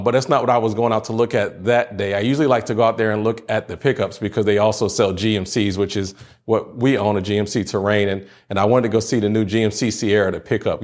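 A man's voice: lowish voice, darkish tone. A young adult man, a pastor, giving a chatty, humorous sermon to students by video. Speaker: youth pastor.

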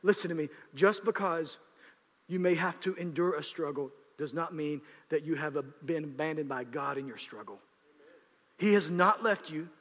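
A man preaching a sermon, swinging between raised, shouted passages and quiet, low asides. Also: normal speed, big-room sound. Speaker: pastor.

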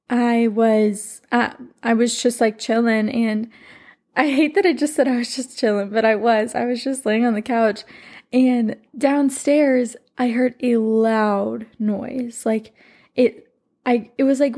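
Gravelly-voiced woman telling a personal story. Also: fairly high pitch, warm tone. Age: 20s. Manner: rambling, heavy on "like", emotional and earnest. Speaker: podcast host and life coach.

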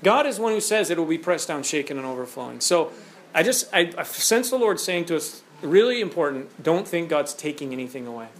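A high-pitched male preacher delivering a sermon in an animated way. He fires off rhetorical questions and slips into short stories. His delivery is conversational and energetic. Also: brisk, a little hiss or hum.

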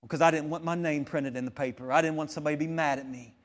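A man preaching a sermon as pastor, impassioned and building to shouts at the peaks, then settling into calm teaching. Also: a little high, very fast.

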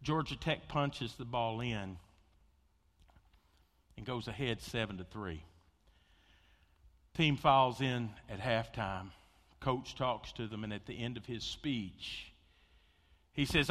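A man preaching a sermon, telling stories with big swings between loud excitement and hushed intensity. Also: medium pitch, slow, pauses often. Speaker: pastor. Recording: long hall reverb.

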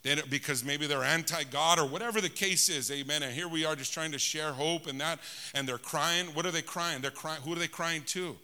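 A man preaching in a high, very bright and forceful voice, calling out to his congregation for amens. He swings between loud exclamations and quiet, hushed passages. His voice rings with the long reverb of a large hall. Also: a little fast. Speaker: pastor. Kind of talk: preaching a sermon.

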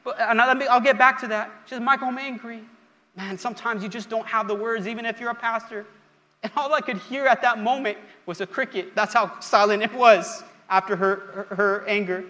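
A man's voice: high voice, steady tone, fairly quick, sharp tone. A male pastor preaching an impassioned sermon at a live-streamed church service, building up with repeated phrases. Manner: impassioned, repetitive preaching with rising emphasis. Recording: long hall reverb with faint music.

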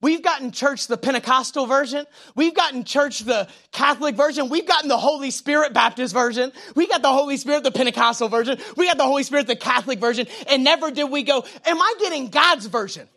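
Bright-voiced preacher with a twang. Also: male voice, extremely high pitch, quick pace, few pauses. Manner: swings between loud emphatic preaching and quiet prayerful asides; informal, tells jokes and personal stories. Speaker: pastor. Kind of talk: sermon.

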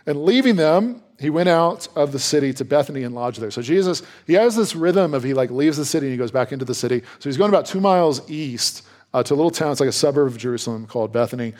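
A male pastor preaching a sermon in a conversational, animated way, with playful asides and quick jumps in pitch when he voices reactions.

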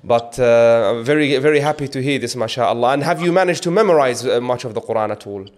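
A man's voice: medium pitch, fast talker. A man hosting a podcast interview with a caller, often breaking into blessings and restarting his sentences. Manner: warm, repeats religious blessings, hesitant restarts. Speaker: podcast host.

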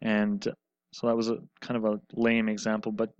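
A man's voice: on the low side, moderate pace, smooth, no echo, muffled recording. A man preaching a sermon, retelling a scripture story with humor and acting out the quotes. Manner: lively storyteller, acts out quotes, wry humor.

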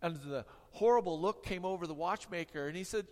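Male pastor, wry storyteller, a touch high-pitched, heard in an echoing church hall. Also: fairly quick, hardly any pauses, darkish tone. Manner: humorous, tongue-in-cheek storytelling. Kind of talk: sermon.

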